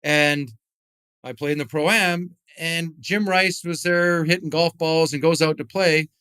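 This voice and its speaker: A middle-aged man chats as a podcast guest with a smooth, clean voice that sits a little high. He rambles, restarts, and leans on fillers as he tells stories. The recording is dry and close. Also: steady tone, a little slow, bright, forceful tone, no echo. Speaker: podcast guest, retired hockey player and whisky founder. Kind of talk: casual interview storytelling.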